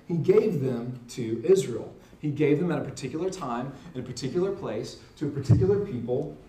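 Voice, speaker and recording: A man with a fairly high voice gives an earnest, emphatic teaching. He keeps checking in with his listeners. The sound is roomy and echoing, and the mic sits some way off from him. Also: dark tone, recorded from a distance. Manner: earnest, emphatic, tag question "right?".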